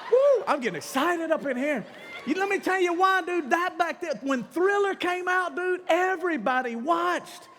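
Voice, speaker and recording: A middle-aged male pastor giving a casual, humorous sermon, slangy and animated, talking straight to the crowd and breaking into shouts. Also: extremely high pitch, moderate pace, a little hiss or hum. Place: church sanctuary during a live service. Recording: long church-hall reverb with faint music behind.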